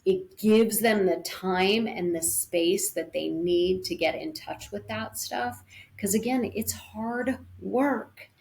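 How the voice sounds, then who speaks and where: A woman's voice: medium pitch, slow pace, gravelly, darkish tone, a little hiss or hum. Earnest woman speaking about grief. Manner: earnest, thoughtful, explains with imagery. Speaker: podcast guest on grief. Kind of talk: reflective conversational interview.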